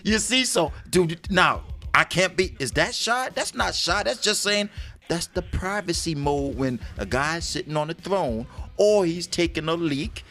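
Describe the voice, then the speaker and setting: Brief: lively husband co-host, laughing storyteller, slightly high voice, faint music underneath. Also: male voice, measured pace. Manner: animated, laughing, acts out quotes. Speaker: vlog co-host with his wife. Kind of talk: comic storytelling chat.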